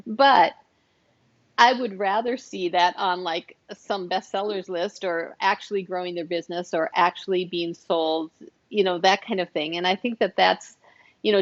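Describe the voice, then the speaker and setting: A woman's voice: lowish voice, lo-fi sound. A woman hosting an interview in casual chat, enthusiastic and rambling with restarts. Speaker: host.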